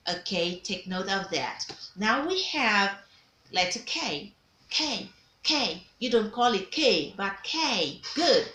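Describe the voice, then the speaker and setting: A woman's voice: mid-range voice, sharp tone, slight background noise. A woman teaching diction, drilling letter sounds and word examples, praising and having learners repeat. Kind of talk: pronunciation drill lesson. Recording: echoey room with faint ambience.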